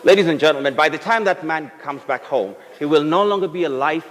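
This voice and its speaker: A man's voice: on the high side, brisk. A man with a Kenyan accent giving a humorous talk to a live audience, telling comic stories and teasing the crowd. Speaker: speaker. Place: event hall with a live audience. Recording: reverberant hall, faint noise.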